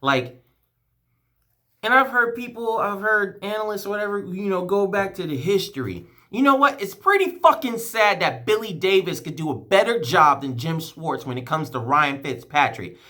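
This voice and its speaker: A man's voice: high-pitched, animated, normal speed, sharp tone. A sports fan vlogger, a man, giving a heated, profane and emotional rant, rambling and restarting his sentences. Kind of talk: ranting fan vlog.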